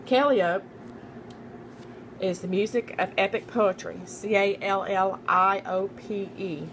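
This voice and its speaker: Young woman, reading study notes aloud, repeats each term, spells words out, self-corrects, mid-pitched voice, faint background hiss. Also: fairly bright tone, low-quality recording. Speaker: student making a study guide.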